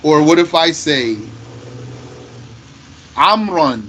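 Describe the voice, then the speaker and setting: Slow, patient male grammar teacher. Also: a little high, lively intonation, a bit bright, slight background noise, poor audio. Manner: slow, patient, repeats example phrases. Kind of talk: slow classroom explanation.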